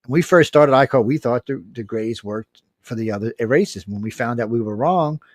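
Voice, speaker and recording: A man's voice: mid-range voice, normal speed, no room sound, studio quality. A man as an interview guest, telling stories in a frank, chatty way and acting out the dialogue. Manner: animated storyteller who acts out quoted dialogue; frank, chatty, with mild swearing. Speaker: guest, UFO researcher and radio network producer. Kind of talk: casual storytelling interview.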